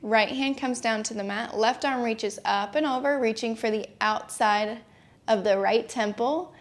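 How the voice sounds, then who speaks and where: A young adult woman teaching a gentle yoga class, giving calm, encouraging step-by-step cues. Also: on the high side, a little slow. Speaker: yoga instructor.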